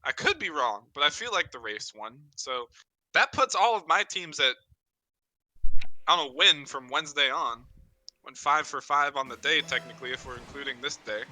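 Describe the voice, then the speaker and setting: Bright-voiced joking male caster. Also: a little high, lively intonation, moderate pace. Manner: joking, crude banter. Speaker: esports caster. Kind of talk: casual drinking-stream game commentary.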